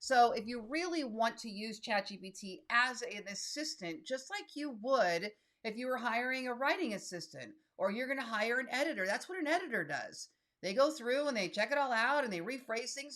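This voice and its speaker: Reading text aloud as she types, this solo YouTube creator in her fifties walks casually and directly through a screen-share tutorial. Her fairly high voice is expressive and a bit bright, at a moderate pace with hardly any pauses.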